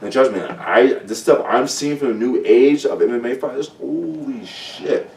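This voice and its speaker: A man talking as a guest fighter in a casual podcast chat, blunt and profane with animated storytelling. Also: medium pitch, normal speed, vocal fry, slight background noise. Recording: roomy sound from a distant mic.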